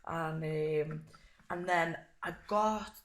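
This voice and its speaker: A young woman, chatting as an interview guest and telling stories in an animated way with plenty of swearing. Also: low voice, drawn-out words. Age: young adult. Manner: animated storyteller, swears freely. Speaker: guest fighter. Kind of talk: casual interview chat. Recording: echoey room.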